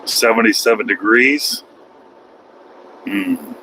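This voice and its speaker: A man's voice: fairly low pitch, slow pace, sharp tone, slight background noise, low-quality recording. A man vlogging while driving his truck, rambling in a folksy, self-mocking way. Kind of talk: casual driving vlog. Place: truck cab on highway.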